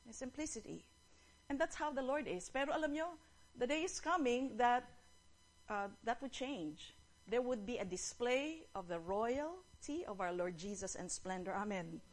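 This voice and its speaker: A woman's voice: on the high side, normal speed. A woman from the Philippines with a Filipino accent, preaching in a conversational, storytelling way and mixing two languages. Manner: conversational, mixing English and Tagalog, animated storytelling. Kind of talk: sermon.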